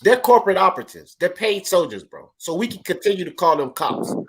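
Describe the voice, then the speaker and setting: Brief: high-pitched, lively male host, emphatic, reads comments aloud. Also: brisk, noisy background. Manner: emphatic, repeats key phrases. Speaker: host reading live comments. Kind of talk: casual podcast chat.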